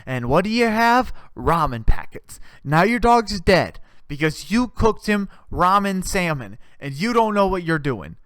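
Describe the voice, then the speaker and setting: A man's voice: sits high, big pitch swings, measured pace, hardly any pauses, fairly bright tone, dry recording. Male comedy podcast host, sarcastic profane ranter, clean resonant voice, dry close mic. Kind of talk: casual comedic rant.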